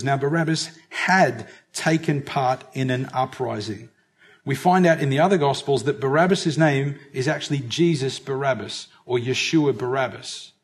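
An Australian man delivering a sermon, with a voice pitched a little higher than most men. He reads scripture passages aloud and then explains them, often slowing down to stress key words. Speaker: preacher. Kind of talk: sermon, Bible teaching.

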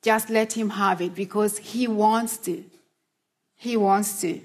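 A woman delivers a sermon at a slow, deliberate pace. Her voice sits at a middle pitch, earnest and encouraging. She leans on rhetorical questions to coax her listeners along. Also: steady tone. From Australia. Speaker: preacher.

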